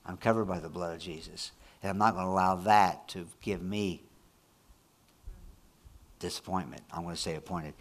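A man preaching a sermon, moving between quiet, low passages and loud, high-pitched, excited prayer. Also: a little fast. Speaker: pastor.

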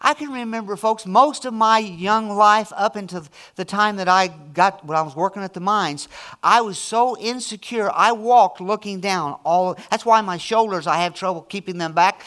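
A middle-aged man preaching a sermon as pastor, emphatic, swinging between loud declarations and hushed, intimate asides. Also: high-pitched.

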